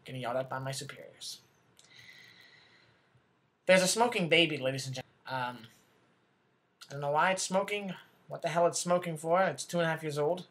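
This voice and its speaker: A man's voice: on the high side, fairly quick, long pauses, fairly bright tone, lightly acted. Man playing a bumbling self-important news anchor. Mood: flustered. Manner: rambling, flustered, corrects himself, talks back off-camera. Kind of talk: comedy sketch acting.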